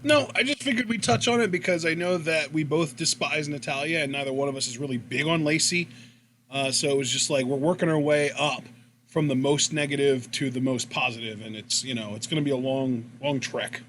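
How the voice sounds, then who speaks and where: A man co-hosting a casual wrestling commentary podcast, chatting in a relaxed way and laughing easily. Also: fairly high pitch, a little fast, slight background noise. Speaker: podcast co-host.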